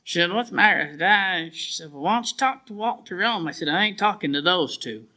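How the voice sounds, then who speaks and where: This preacher from the southwestern United States, a man in his 50s, gives his testimony at a church revival with a high, bright, forceful voice. His delivery is brisk with lively intonation, and he tells it plainly in a folksy storytelling style, using rural grammar.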